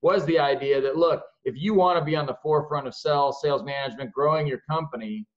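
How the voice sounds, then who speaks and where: Man, interviewer, a bit high voice, muffled dull audio, short phrases. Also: quick pace. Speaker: interview host. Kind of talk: interview question.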